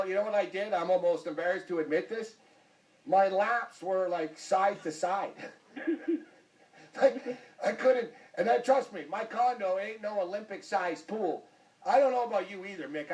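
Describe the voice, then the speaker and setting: Teasing high-voiced male talk show host. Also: brisk, a little mellow, far from the mic, poor audio. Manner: teasing, joking, repeats himself. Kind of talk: casual sports chat.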